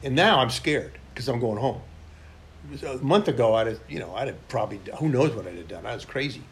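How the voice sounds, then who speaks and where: A man's voice: medium pitch, expressive, fairly quick. An older military veteran telling his service stories in an interview, rambling and blunt with frequent restarts. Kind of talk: oral history storytelling.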